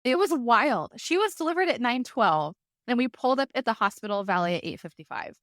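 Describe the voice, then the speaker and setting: A woman guest on a podcast telling a personal story in a lively way, full of "like" fillers. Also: a little high, brisk, dry recording, clean studio sound. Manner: lively, vivid retelling with many fillers like "like".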